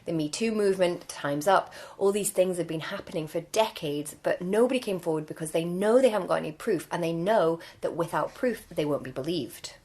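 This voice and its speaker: A woman's voice: on the low side, fairly quick, few pauses, darkish tone. A woman co-hosting a podcast, chatting casually about a book and reading passages aloud. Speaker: podcast co-host.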